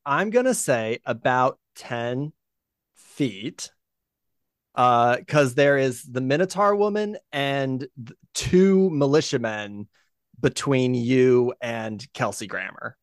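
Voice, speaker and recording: A man's voice: mid-range voice, lively intonation, slow pace, dry recording, clean studio sound. A man narrating a tabletop game as game master, rambling with many fillers.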